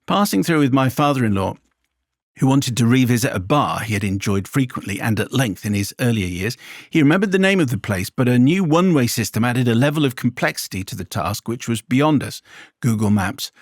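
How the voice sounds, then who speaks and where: A man's voice: medium pitch, animated, fairly quick, no room sound. A man with an ordinary mid-range voice reads listener emails on a chat show. His delivery is dry and teasing. The sound is close and dead, with no room behind it. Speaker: co-host reading listener emails. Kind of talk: bantering podcast chat.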